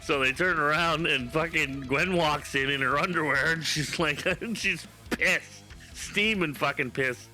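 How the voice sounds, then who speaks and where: Male game streamer, pitched a bit high, crude and animated, with faint music underneath. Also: unhurried, few pauses. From Canada. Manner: profane, animated storyteller. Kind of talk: casual live-stream chat.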